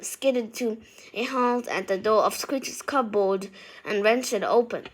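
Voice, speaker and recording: A woman reading a novel aloud as an amateur reader, halting, with frequent slips and restarts. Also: on the high side.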